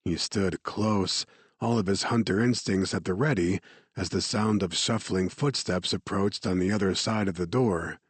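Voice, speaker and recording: A man reading an audiobook in steady, measured narration. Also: deep voice, breathy edge, no echo.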